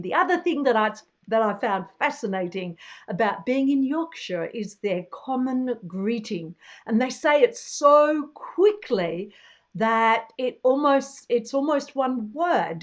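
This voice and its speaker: Slow-talking woman in her sixties. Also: a little high, muffled recording. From Australia. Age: 60s. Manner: chatty, animated, laughs often. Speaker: travel vlogger. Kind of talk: casual chat to camera.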